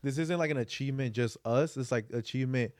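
A man's voice: medium pitch, quick pace, a little mellow, dry recording, studio quality. A man from Texas in casual podcast chat, rowdy and joking with plenty of profanity.

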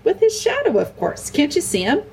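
A woman voicing a kind little girl queen who speaks in a gentle, earnest way. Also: sits high, wildly swooping pitch, normal speed, gravelly, slight background noise, pitched above the performer's own voice, heavily acted, rough recording. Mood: patient.

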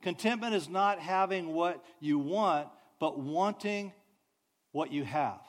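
A man preaching a sermon, telling stories with animated delivery and soft, drawn-out sighs. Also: on the high side. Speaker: pastor.

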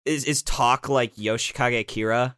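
A man's voice: medium pitch, steady tone, unhurried, fairly bright tone, smooth, no echo. A young adult man co-hosting a podcast, rambling and joking with lots of swearing. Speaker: podcast co-host. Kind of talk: casual podcast banter.

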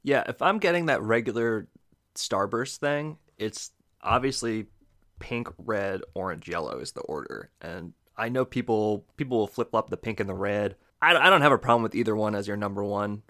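A man co-hosting a casual podcast, talking in an animated, emphatic, slangy way. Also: lowish voice, normal speed. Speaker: podcast co-host.

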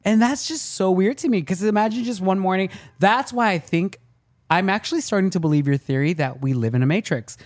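A man's voice: sits high, fairly quick, dry recording. A man co-hosting a podcast in casual chat, rambling and laughing easily. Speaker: podcast co-host.

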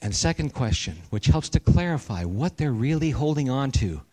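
A middle-aged man preaching a sermon, telling a personal story earnestly and sinking to a hushed, slow voice for the serious parts. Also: mid-range voice, big pitch swings. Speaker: pastor.

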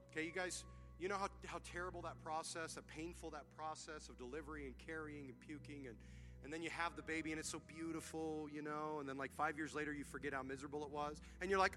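Male pastor, sermon, very bright voice, slightly high, soft music behind. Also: fairly even intonation, fast talker. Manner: humorous storytelling, building to loud preaching.

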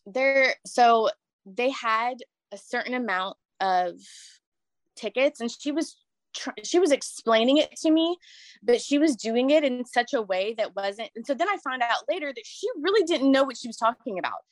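A woman's voice: fairly high pitch, animated, normal speed, dry recording. A woman in casual chat, telling a personal story in a rambling, emotional way with many restarts. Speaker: guest sharing a story.

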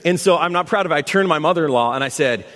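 Male pastor, higher-pitched than most, easygoing self-deprecating preacher, recorded with long hall reverb. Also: lively intonation, rapid-fire, fairly bright tone. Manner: conversational and self-deprecating storyteller. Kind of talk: sermon. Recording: long echo of a large hall.

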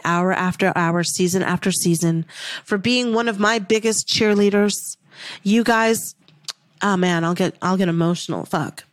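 A woman's voice: fairly low pitch, no room sound. Dry-voiced motivational woman podcast host. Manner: emphatic, repetitive, heartfelt, swears casually. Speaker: podcast host, manifestation coach.

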